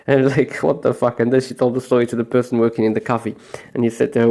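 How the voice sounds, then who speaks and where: Gravelly young man, rambling. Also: medium pitch, flat delivery, fast, dark tone. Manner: rambling, profane, often laughing. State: stoned. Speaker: vlogger. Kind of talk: casual rambling monologue.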